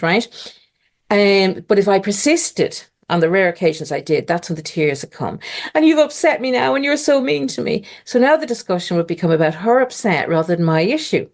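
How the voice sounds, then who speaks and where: A middle-aged woman talks on a podcast, her voice sitting a little low for a woman. She tells her story in an animated, conversational way and jumps into other people's voices when she quotes them. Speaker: podcast guest.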